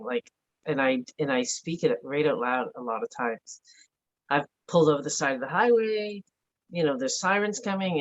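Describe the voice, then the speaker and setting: A middle-aged woman speaking earnestly and reflectively as an interview guest, with frequent "like" fillers. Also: deep voice. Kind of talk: candid conversational interview. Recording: dull lo-fi audio.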